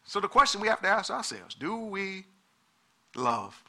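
A middle-aged male pastor preaching with a very bright, cutting tone and a high voice for a man. He presses his points with repeated words and calls to the people in front of him. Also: very animated, normal speed. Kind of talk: sermon.

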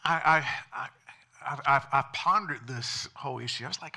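A man's voice: medium pitch, moderate pace, pushed and bright, husky. A male pastor preaching a sermon emphatically and calling on the congregation to respond.

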